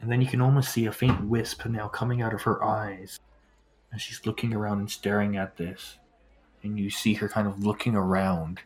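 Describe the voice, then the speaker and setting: A man's voice: lowish voice, flat delivery, normal speed. A man running a tabletop game as game master, describing scenes loosely with many fillers.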